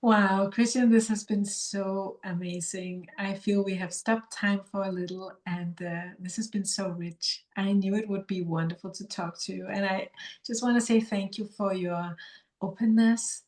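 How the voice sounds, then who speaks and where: A woman's voice: mid-range voice, fairly even intonation, unhurried. An effusive woman podcast host. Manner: effusive, affirming, gentle. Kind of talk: interview hosting.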